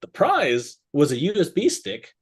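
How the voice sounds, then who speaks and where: A man with a slightly high, breathy voice speaks at a measured pace as co-host of a casual business talk show. He's an animated storyteller who acts out what people said and laughs often.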